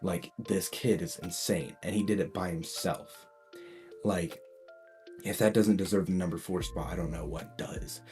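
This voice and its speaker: A man with a deep, mellow voice who tells a fan-made story in a loose, rambling way, often saying "like" and restarting sentences. Faint music plays under his voice. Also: steady tone, measured pace. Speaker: YouTube storyteller. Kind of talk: casual fan-story retelling.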